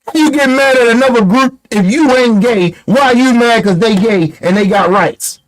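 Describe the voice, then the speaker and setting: Guy with a really high voice going off on a rant, blunt, swears a lot, keeps throwing out questions. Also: moderate pace, rough recording. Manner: blunt, profane and emphatic, with repeated rhetorical questions. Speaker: online commentator. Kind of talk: heated political rant.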